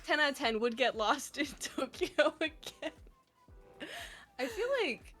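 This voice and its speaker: A young woman co-hosting a casual chat, telling stories in an animated way and acting out the people in them. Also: high voice, a little slow, faint music behind. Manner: animated storytelling, quotes people in lively voices. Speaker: podcast co-host.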